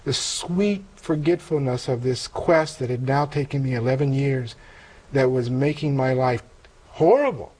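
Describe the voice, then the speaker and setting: An older man giving a personal testimony in conversation, earnest and reflective, with halting restarts. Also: medium pitch, darkish tone, poor audio. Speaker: interview guest telling a conversion story.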